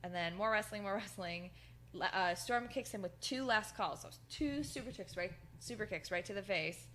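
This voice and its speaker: A woman's voice: mid-range voice, moderate pace, a bit bright, a little hiss or hum. A woman co-hosting a podcast, casually recapping wrestling in a rambling way with lots of fillers and laughter. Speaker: podcast co-host.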